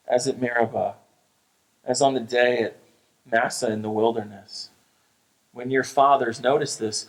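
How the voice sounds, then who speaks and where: An American pastor delivers a sermon with an earnest, emphatic voice of ordinary, mid-range pitch. He presses his points hard and often restarts a phrase before pushing on. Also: lively intonation, normal speed, rough recording. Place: church sanctuary.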